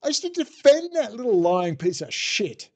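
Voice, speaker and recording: An Australian man with a rather high voice holds forth in a rambling rant, swearing freely and dripping with sarcasm. He sounds exasperated and scornful as he runs down his targets. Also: sing-song, moderate pace, a little mellow. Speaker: political commentator. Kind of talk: ranting monologue. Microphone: desk setup with bookshelf behind.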